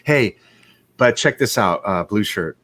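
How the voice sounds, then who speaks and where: A man hosting a casual live chat show from home in California, telling stories in a rambling, profane, animated way over a video call. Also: on the low side, a little slow. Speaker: host of a live watch show.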